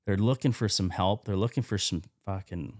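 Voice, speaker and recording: Man, podcast guest, low voice, candid storyteller, swears a lot, dry close mic. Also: normal speed, darkish tone, no room sound. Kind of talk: casual storytelling interview.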